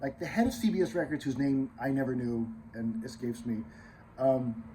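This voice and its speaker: A man's voice: medium pitch, lively intonation, moderate pace, a little hiss or hum, low-quality recording. A man hosting his own channel in a casual, rambling monologue, full of fillers and restarts, sometimes dropping into muttered asides. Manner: drifts between loud and muttered asides. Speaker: channel host.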